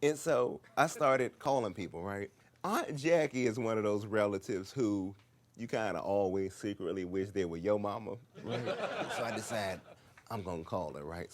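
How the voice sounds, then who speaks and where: A man doing stand-up storytelling, animated and checking in with the crowd with "right?". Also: lowish voice, moderate pace. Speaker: stand-up comedian. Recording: noisy recording.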